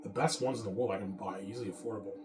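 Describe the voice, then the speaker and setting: A man's voice: fairly low pitch, fairly even intonation, racing. A man talking in a rambling, boastful, profane monologue, repeating himself as he goes. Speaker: vlogger. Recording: echoey room with music playing. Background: music.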